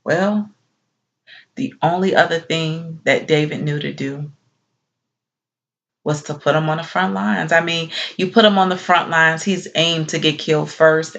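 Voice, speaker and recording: A woman performing a dramatic biblical monologue as a grieving young wife and mother who talks slowly, softly and tearfully. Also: lowish voice. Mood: wry. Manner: slow, soft-spoken, tearful. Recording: dull lo-fi recording.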